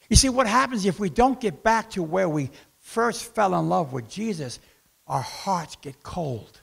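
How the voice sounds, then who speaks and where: A man preaches a sermon as the church's pastor, his voice set high with a rough, gravelly edge. He swings from loud bursts to hushed asides and acts out the voices in his quoted dialogue. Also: lively intonation, a little slow.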